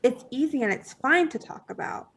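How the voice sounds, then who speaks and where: Woman, podcast guest, casual storytelling, gravelly fry, slightly high voice, lots of fillers. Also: moderate pace, slight background noise. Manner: animated, many fillers, acts out her own past thoughts.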